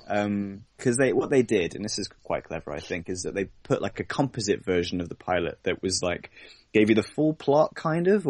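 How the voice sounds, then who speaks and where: A man co-hosting a podcast in casual chat, retelling scenes in an animated way. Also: on the low side, dry recording. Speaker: podcast co-host.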